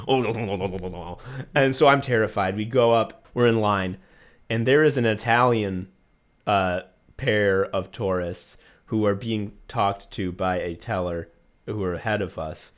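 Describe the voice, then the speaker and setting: A man's voice: on the low side, takes it slowly. Podcast co-host, male, swearing and rambling through an anecdote. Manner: rambling, profane anecdote-telling with many fillers. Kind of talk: casual chat, telling a travel story.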